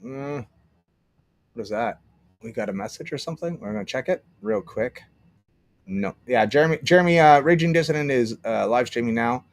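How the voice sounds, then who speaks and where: Casting note: Canadian man as livestream host, middle pitch, sarcastic rambling, dry close sound. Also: moderate pace, dry recording. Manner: rambling, sarcastic, mutters while searching. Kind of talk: casual solo livestream commentary.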